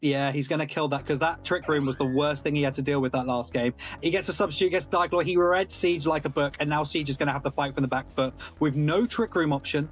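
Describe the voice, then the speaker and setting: A man giving live play-by-play commentary on a competitive game tournament, excitable and analytical. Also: a little high, fast, hardly any pauses.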